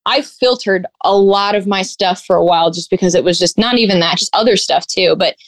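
A young woman tells her stories in an animated, casual way, dropping "like" into nearly every phrase. She acts out other people's lines with big jumps in pitch. The sound is dry and close. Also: fairly quick, dry recording. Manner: animated storyteller, acts out quotes, heavy on "like". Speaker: guest content creator. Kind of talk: casual chat.

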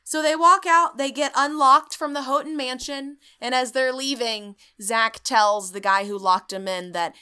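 A woman hosting a podcast, recapping a ghost-hunting show in an animated, sarcastic way and swearing freely. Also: high voice, measured pace, few pauses, smooth. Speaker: podcast host. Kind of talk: comedic storytelling recap.

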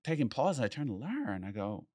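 Animated, swearing man telling a story. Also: mid-range voice, quick pace, no echo, clean studio sound. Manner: animated, swears freely, acts out quotes. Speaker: art collector telling a story. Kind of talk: casual storytelling in conversation.

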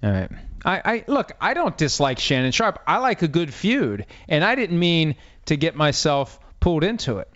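A podcast host with a slightly high, somewhat bright voice and big pitch swings talks at a normal speed about sports. He's wry, self-deprecating, and rambling, and the sound is dull and slightly lo-fi.

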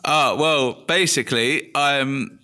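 A man, a guest on a podcast, talking in a relaxed, chatty way with frequent restarts. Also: medium pitch, takes it slowly. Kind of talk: casual interview chat.

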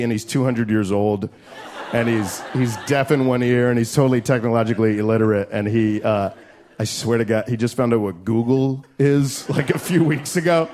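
A man doing a stand-up set in a comedy club, loud and profane, riffing fast and shouting his punchlines. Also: mid-range voice. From United States. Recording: live club recording with crowd noise. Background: audience laughter and club noise.

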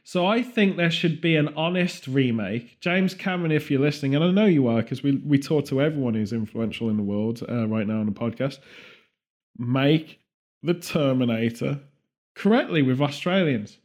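A man co-hosting a podcast, rambling through absurd comic theories in a deadpan way. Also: mid-range voice. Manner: rambling deadpan absurd riffs, quick bursts of put-on voices. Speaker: podcast co-host. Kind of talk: comedic podcast banter.

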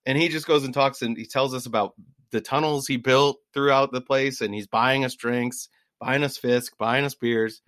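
A man in his forties, a podcast guest telling travel stories in an animated, laughing way. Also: mid-range voice, normal speed, no echo. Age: 40s. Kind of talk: casual storytelling.

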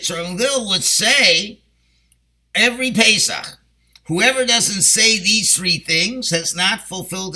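A Yeshivish-accented man leads a Haggadah class, slipping Ashkenazi-pronounced Hebrew into his English. His voice is fairly high and very bright. He works through the text by asking questions aloud and answering them. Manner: explanatory, asks and answers his own questions. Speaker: Torah teacher.

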